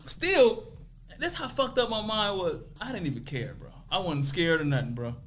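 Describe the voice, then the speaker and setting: A man's voice: high-pitched, moderate pace. A man from Toledo, Ohio, a podcast guest, telling a story in casual, profane street slang and acting out other people's lines. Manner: animated, acts out other people's voices in quotes.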